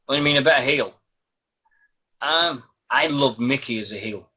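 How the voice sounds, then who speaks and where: A man's voice: medium pitch, normal speed, husky. A man hosting a wrestling radio show alone, rambling, chuckling and losing his thread. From Britain. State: sore throat. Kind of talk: rambling solo internet radio chat. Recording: dull lo-fi stream audio.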